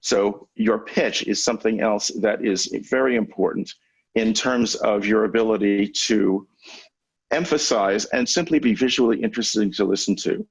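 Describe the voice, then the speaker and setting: A man coaching lawyers on public speaking in a webinar over a video call, teaching in a measured, conversational way with deliberate pauses. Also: on the low side, breathy edge, low-quality recording. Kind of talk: webinar lecture. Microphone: video call microphone.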